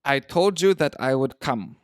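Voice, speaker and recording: A man's voice: on the high side, expressive, a little slow, no room sound, studio quality, voice pushed up. A man reading a story aloud, voicing a proud, secretive masked nobleman who speaks in a formal, stiff and guarded way.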